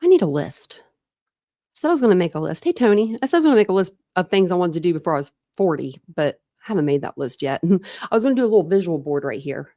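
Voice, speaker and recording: A chatty woman in her thirties talks casually to her livestream viewers, greeting them by name and laughing often. Her voice sits a little low, and the sound is dry and close. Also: sing-song, quick pace, dark tone, no room sound. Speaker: true crime livestream host.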